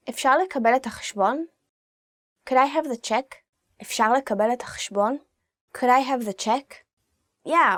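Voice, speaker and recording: A woman's voice: mid-range voice, no room sound, studio quality. A young woman teaching useful travel phrases in a casual, chatty lesson, with frequent fillers like "like" and "you know.". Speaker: language teacher.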